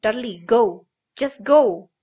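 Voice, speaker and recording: A blustering, short-tempered middle-aged uncle barks gruff orders, played by a woman reading aloud. It is a storybook voice, heard through a dull, lo-fi recording. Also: medium pitch, a little slow, natural voice. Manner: gruff, loud and wheezing commands.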